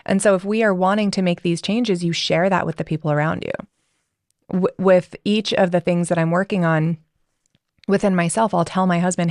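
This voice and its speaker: A woman's voice: fairly low pitch, steady tone, moderate pace, a little mellow, no echo, studio quality. A woman coach and parent, speaking reflectively in a podcast interview and acting out small dialogue examples. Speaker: guest, communication coach.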